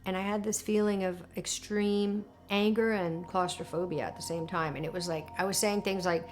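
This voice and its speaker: A woman in a documentary interview, telling a personal story in an animated, emotional way with lots of fillers. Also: lowish voice, normal speed, hardly any pauses, faint music behind. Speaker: interviewee recounting alien contact.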